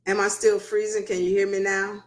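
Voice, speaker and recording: A woman hosts a live stream in an easy, chatty way, her voice sitting at a middle pitch. She keeps patiently asking her viewers whether they can hear her, and the sound rings with a noticeable room echo. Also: little pitch movement, moderate pace.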